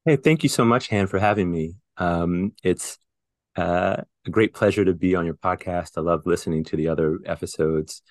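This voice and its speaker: A man's voice: sits low, moderate pace, dry recording, studio quality. A man with a Southern US accent, a poet talking in a remote podcast interview, chatty, with many fillers and restarts. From born in New Orleans, raised in Houston. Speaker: poet guest. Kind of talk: podcast conversation and poetry reading. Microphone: remote call recording.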